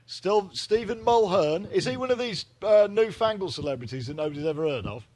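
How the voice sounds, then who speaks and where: A man's voice: sits high, expressive, brisk, darkish tone. A man co-hosting a comic casual chat, full of playful, teasing banter.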